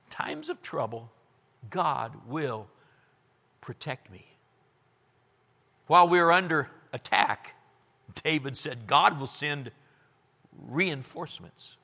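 A man with a high, lively voice preaches slowly and deliberately. He swings from ringing cries down to near whispers. His voice carries a long reverb from a large hall. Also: creaky, slightly rough. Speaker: pastor. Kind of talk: sermon.

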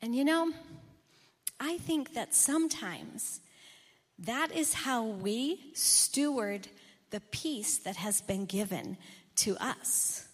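Slow-speaking woman pastor preaching. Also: fairly high pitch, animated, slightly rough, big-room sound. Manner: earnest, storytelling. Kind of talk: sermon.

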